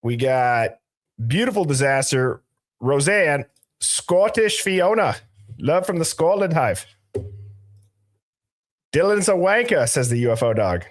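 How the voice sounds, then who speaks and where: Speaking slowly in a mid-range, sing-song voice, this male livestream host keeps things casual. He reads usernames from the chat aloud to greet people and tosses in playful, offhand jokes.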